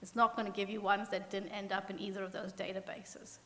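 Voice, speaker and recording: A woman's voice: mid-range voice, flat delivery, brisk, a bit bright. A woman with a New Zealand accent, an economist giving a conference talk, earnest and self-deprecating, with many fillers and restarts. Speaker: symposium panel speaker, economist. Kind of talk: conference presentation. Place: conference hall. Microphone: podium mic. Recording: long reverb from a hall.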